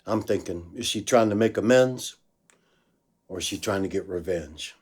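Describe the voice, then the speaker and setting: A man's voice: deep voice, normal speed, breathy edge. A man telling a story casually, acting out the voices of the people in it. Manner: animated storyteller, acts out quoted voices. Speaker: blues musician telling a story.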